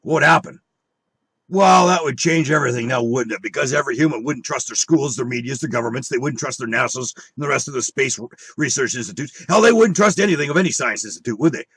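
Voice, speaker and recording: A man's voice: mid-range voice, lively intonation, fast talker, fairly bright tone, husky, no room sound. A man on an angry monologue full of swearing and rhetorical questions. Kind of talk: angry profane rant.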